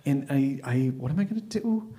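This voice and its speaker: A man in his fifties telling a story at an open mic, wry and deadpan, often restarting his sentences. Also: a little high, fairly quick. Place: stage at an open mic night.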